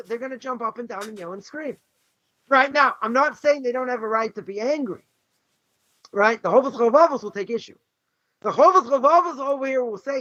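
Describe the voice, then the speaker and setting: A man's voice: very high-pitched, a little fast, sharp tone, no echo. A man teaching a class as a rabbi, emphatic and full of rhetorical questions. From Boston. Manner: emphatic, rhetorical questions, frequent "right?" and "you know". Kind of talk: animated Torah lesson. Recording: dull lo-fi dry recording.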